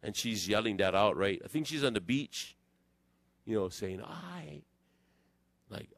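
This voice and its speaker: A man preaching a conversational sermon in church, telling stories in an animated, digressive way. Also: fairly low pitch, normal speed, dry recording. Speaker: pastor.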